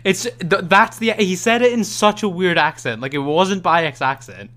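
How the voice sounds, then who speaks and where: A young man co-hosts a gaming podcast, chatting casually and telling stories with lots of animation and frequent laughter. His voice is high-pitched and his pace is moderate.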